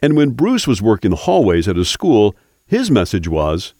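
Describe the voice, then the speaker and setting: A man hosting a podcast, reading scripted narration in a measured way. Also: fairly low pitch, huge pitch swings, mellow, dry recording. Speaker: podcast host. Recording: dry studio voice over faint music.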